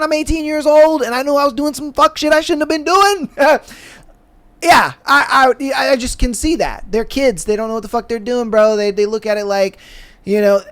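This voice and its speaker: A man co-hosting a podcast, telling his theory in a loose, slangy way and acting out the people in it. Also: sits high. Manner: animated, slangy storytelling that acts out quoted kids. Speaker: podcast co-host. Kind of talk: casual podcast chat.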